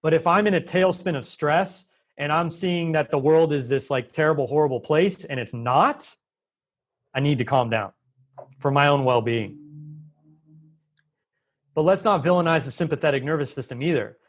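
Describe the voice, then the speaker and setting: A man's voice: a little high, moderate pace, long pauses. A man as a guest in a conversational interview, explaining with emphasis and changing his pace often. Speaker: Ayurvedic doctor, guest.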